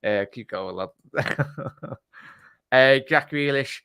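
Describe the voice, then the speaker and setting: A man's voice: medium pitch, extremely slow, fairly bright tone, clean tone, no room sound. A man hosting a casual live stream, chatty and teasing as he reads out chat messages. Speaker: host.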